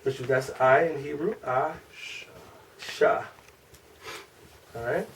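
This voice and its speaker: A man's voice: mid-range voice, distant mic, low-quality recording. A man with a Chicago accent leads an informal group lesson, sounding out syllables one by one and checking with the class. He is picked up from across the room, with faint noise behind him. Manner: asks the group questions, repeats syllables slowly. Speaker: class teacher.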